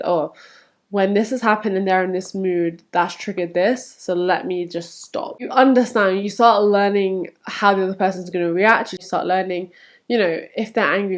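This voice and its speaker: A young woman vlogging to camera, speaking candidly and chattily, and acting out remembered quotes. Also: medium pitch. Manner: candid, animated, acts out quotes.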